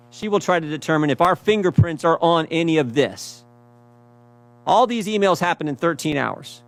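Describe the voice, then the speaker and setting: Man, slightly raised pitch; emphatic prepared speech, quotes and rhetorical questions. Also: expressive, normal speed, creaky, a bit bright, soft background music. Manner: emphatic, repeats phrases, asks rhetorical questions.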